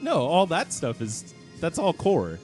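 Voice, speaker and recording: A man co-hosting a podcast in casual chat, animated and quick to laugh. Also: fairly high pitch, soft background music. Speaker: podcast co-host.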